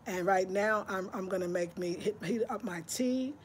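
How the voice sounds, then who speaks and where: With slight background noise, a medium-pitched woman speaks at a moderate pace in a casual to-camera chat from her home. She's a New York lifestyle vlogger in her fifties, talking to viewers in a breezy, friendly way, as if to girlfriends.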